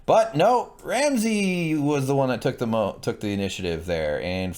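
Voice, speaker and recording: Animated man swearing through a TV recap. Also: mid-range voice, moderate pace, few pauses, a little hiss or hum. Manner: swearing, acts out characters in exaggerated voices. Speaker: co-host. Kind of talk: casual TV recap chat.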